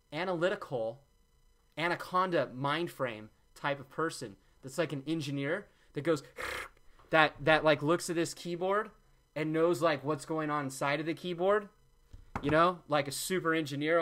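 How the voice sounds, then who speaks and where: A man's voice: on the high side, a bit bright. Rambling, joking man giving a recipe. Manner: jokey, rambling, often backtracks with "I'm kidding". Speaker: vlogger demonstrating a juice recipe. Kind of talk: joking, rambling how-to talk.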